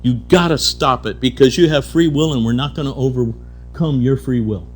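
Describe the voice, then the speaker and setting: Man telling spiritual stories at a conference. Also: medium pitch. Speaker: keynote speaker. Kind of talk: spiritual storytelling lecture. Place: conference hall.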